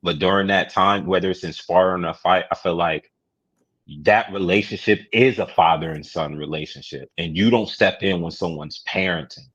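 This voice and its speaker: A man chatting casually on a podcast, laid-back, teasing and calmly giving his opinions. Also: deep voice, moderate pace, breathy edge, no echo, highs cut off.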